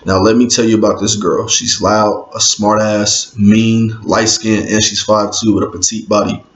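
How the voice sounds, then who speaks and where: A man's voice: on the low side, little pitch movement, normal speed. A man from Indiana reading his own novel aloud in a laid-back, conversational way, with street slang and asides to listeners. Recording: roomy, dull lo-fi with faint hiss.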